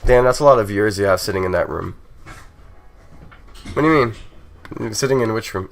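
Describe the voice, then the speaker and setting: Laid-back low-voiced male streamer. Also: a little fast, creaky, long pauses. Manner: laughs often, easygoing and self-mocking. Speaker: game developer streaming to chat. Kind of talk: casual live-stream chat, reading chat aloud.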